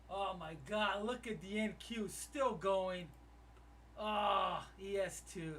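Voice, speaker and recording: A man's voice: sits high, slow, sharp tone, far from the mic, a little hiss or hum. A man who runs a live trading room, commenting on his trades as he streams and thinking aloud to his viewers.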